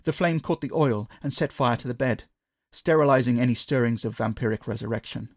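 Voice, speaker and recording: A man narrating a scripted horror story in a measured, dramatic way. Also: mid-range voice, no room sound.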